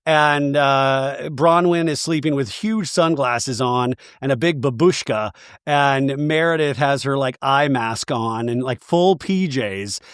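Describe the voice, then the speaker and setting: Animated man, dry close recording. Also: slow, clean tone, dry recording. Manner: animated, does high-pitched mocking impressions of cast members. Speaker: podcast host recapping a reality show. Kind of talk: comedic recap monologue.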